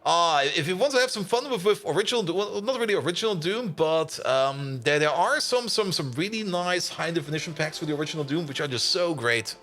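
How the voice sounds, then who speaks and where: A man's voice: a little high, expressive, fairly quick, few pauses, fairly bright tone. A man streaming a game, chatting casually with viewers, laughing often and greeting them by name. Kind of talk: casual live-stream chat.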